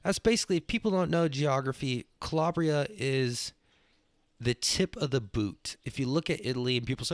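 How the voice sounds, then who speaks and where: A young man, hosting a podcast as a rambling, profane monologue that gets louder when he is worked up. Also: mid-range voice, moderate pace, no room sound. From Texas. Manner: profane, loose and excitable, swings up when worked up. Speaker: podcast host.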